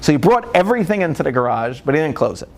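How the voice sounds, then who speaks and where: A man's voice: a little high, fast. A man, a rabbi giving a humorous lecture, telling family stories and acting out the dialogue with lots of laughter. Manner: animated storytelling, acts out dialogue, frequent laughter.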